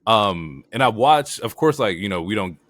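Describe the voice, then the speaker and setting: A man with a very deep voice co-hosts a laid-back wrestling podcast. He rants bluntly and swears freely, with lots of "like" and "um." His voice is recorded close and dry, with no room sound. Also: moderate pace, no room sound. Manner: profane, animated opinions with frequent fillers. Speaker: podcast co-host. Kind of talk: casual wrestling recap chat.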